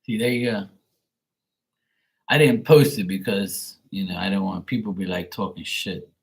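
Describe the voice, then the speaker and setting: A man's voice: deep voice, normal speed, gravelly. A man hosting a livestream, chatting casually and bluntly with viewers and swearing freely. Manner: profane, blunt, talks back to viewers. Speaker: livestream host.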